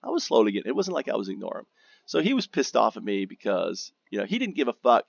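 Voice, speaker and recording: A man's voice: medium pitch, wildly swooping pitch, quick pace, gravelly, husky, no room sound. A man telling a long story about his own game in a casual, rambling way, swearing often and restarting his sentences. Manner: profane, rambling, with frequent restarts and fillers. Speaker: gamer recounting guild drama. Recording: dry, dull lo-fi mic.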